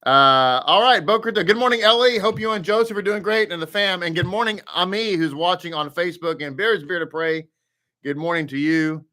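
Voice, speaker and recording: A man's voice: high voice, a little fast, pushed and bright. A man leading a live Torah study, greeting viewers by name and chatting casually before he teaches.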